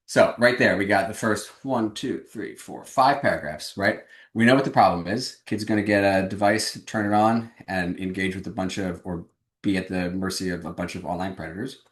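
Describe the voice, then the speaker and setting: A man's voice: deep voice, fairly even intonation, normal speed, roomy sound. A man giving a webinar presentation on fundraising, speaking energetically and emphatically over a video call.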